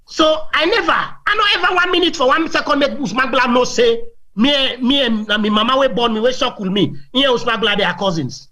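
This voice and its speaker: High, bright Sierra Leonean Krio man. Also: fairly quick. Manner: boastful, laughing, repeats words. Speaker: guest. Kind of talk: animated anecdotal storytelling.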